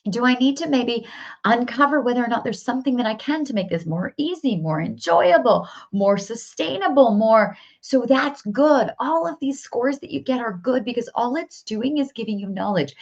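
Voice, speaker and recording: A woman's voice: fairly high pitch, darkish tone. A woman business coach leading a live workshop, upbeat and encouraging, repeating phrases for emphasis. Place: home office with whiteboard. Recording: slightly dull lo-fi audio.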